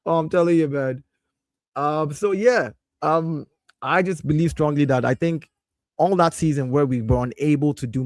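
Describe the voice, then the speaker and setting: A man in his thirties hosting a casual live stream from his home office, talking in an animated way and breaking off to scold his kids and greet viewers. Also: medium pitch, no room sound, clean studio sound.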